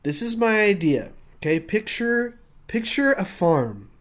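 A man pitching a comic idea, telling it as an animated story and acting out scenes. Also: a little slow. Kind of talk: comic pitch, casual banter.

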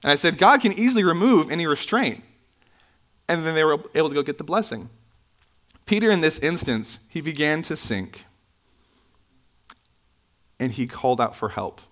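A man preaching a sermon in a church, conversational with asides and self-corrections, his pitch jumping up when he stresses a point. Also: moderate pace, long pauses. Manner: animated, pitch swinging up for emphasis. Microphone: microphone, sometimes bumped.

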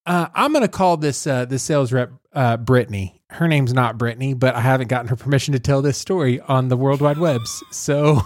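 A male podcast host telling a story in a casual way, animated, laughing and making joking asides. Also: medium pitch, fairly quick, hardly any pauses, no echo, studio quality.

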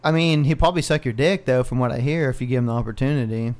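A man's voice: mid-range voice, fast, a little mellow. A man co-hosting a podcast, ranting in casual, profane chat. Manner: ranting, heavy swearing. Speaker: podcast co-host.

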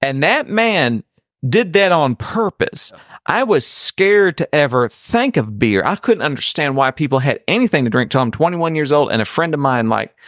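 A man's voice: fairly high pitch, normal speed, no room sound, clean studio sound. A middle-aged man, hosting a podcast and telling rambling stories in casual chat. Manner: rambling storyteller, animated. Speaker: podcast host.

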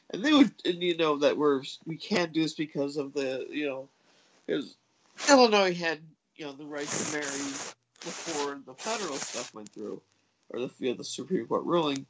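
Lady with a lower voice rambling thru a story, lots of um and you know, pops way up for quotes. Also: lively intonation, normal speed, slight background noise, rough recording. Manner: rambling, hesitant, lots of fillers and restarts; acts out quoted voices with big pitch jumps. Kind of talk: casual storytelling chat.

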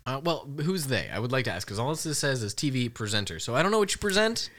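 Animated, joking man co-hosting. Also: mid-range voice, fast talker, no echo. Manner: playful, mock-earnest, laughing easily. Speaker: podcast co-host. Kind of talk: casual comedic banter.

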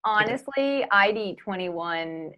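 A woman hosting a casual podcast interview, playful and quick to laugh as she asks her questions. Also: mid-range voice, expressive, dull audio. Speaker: podcast host.

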